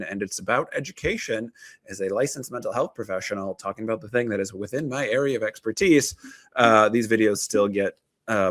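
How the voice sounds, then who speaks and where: A man in his thirties talks loosely to camera, restarting sentences and dropping dry, wry asides. His voice sits on the low side. The sound is close and dry, with no room around it. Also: fairly bright tone, no echo. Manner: conversational, frequent fillers and restarts, wry asides. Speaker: therapist and video host. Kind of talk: casual talking-head commentary.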